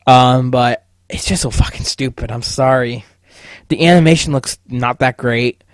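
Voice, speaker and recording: A man's voice: mid-range voice, unhurried, no room sound. A young man hosting a podcast, ranting casually with heavy swearing and stammered restarts. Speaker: podcast host. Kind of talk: casual solo podcast rant.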